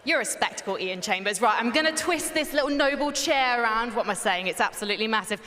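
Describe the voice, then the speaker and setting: A woman's voice: a little high, animated, quick pace, sharp tone. A woman working as a floor reporter at a live esports event, teasing and chatty as she interviews players. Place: large historic hall at a live event. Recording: echoey hall with long reverb.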